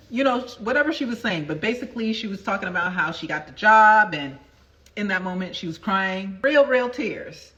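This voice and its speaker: A woman in her forties speaks with a bright, forceful tone as a manifestation coach on a livestream. She tells a story chattily, turns to her viewers with asides, and hammers points home by repeating words. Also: mid-range voice, lively intonation, normal speed, dull audio. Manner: emphatic, repeats phrases for effect. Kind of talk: motivational livestream talk.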